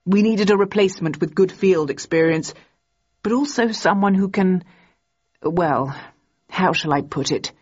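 A woman voicing a grey-haired gentleman in his seventies with courteous, old-fashioned formal speech. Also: fairly low pitch, unhurried, breathy edge. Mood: cordial. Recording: dull, muffled recording.

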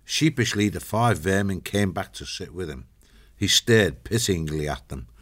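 A man reading an audiobook in steady, measured scripted narration. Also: deep voice.

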